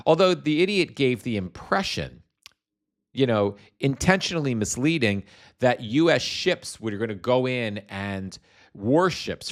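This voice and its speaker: Male host of a casual commentary stream. Rambling, profane, lots of restarts, mid-range voice. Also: medium pitch. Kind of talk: casual political commentary livestream.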